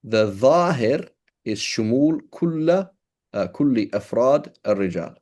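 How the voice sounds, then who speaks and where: A man's voice: medium pitch, lively intonation, slow pace, darkish tone. A man teaching a class, explaining in a loose, conversational way, often restarting and checking with "right?", mixing in Arabic terms. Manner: switches between English and quoted Arabic terms. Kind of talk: classroom lecture.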